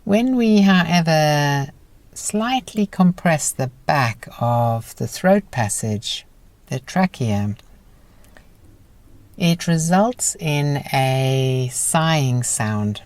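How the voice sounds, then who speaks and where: Slow, very low-voiced woman teacher. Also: no echo. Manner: calm, instructive, encouraging. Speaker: breathwork teacher. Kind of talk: guided breathing lesson.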